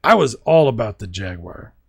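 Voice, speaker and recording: A man's voice: fairly low pitch, very animated, normal speed, vocal fry, slightly rough. A man hosting a casual video game livestream, reading viewer comments aloud with playful asides and frequent laughs. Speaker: livestream host.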